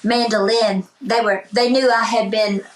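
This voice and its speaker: A woman's voice: a little high, steady tone, unhurried, slight background noise, poor audio. A woman country singer-songwriter, a guest in a casual interview, tells stories with animation and acts out the voices of people in them. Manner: speaks of faith and blessings.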